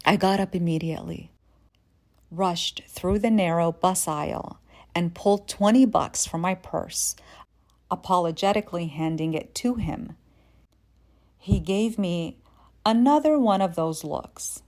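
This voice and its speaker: A woman from Yemen in her forties telling a personal story in a measured, reflective way. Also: fairly low pitch, darkish tone. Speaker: podcast host.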